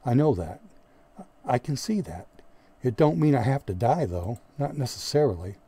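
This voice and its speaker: A man's voice: medium pitch, lively intonation, normal speed, dark tone, breathy edge. A man voicing a hesitant, confused young recruit. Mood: unsure. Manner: hesitant, unsure, fumbling for words. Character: confused, nervous new male recruit. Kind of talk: audiobook character voice.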